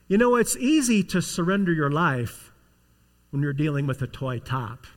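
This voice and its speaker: A man's voice: sits high, moderate pace, fairly bright tone. A man preaching a sermon as pastor, telling a story with rising intensity and acting out the voices of the people in it. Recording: long hall reverb.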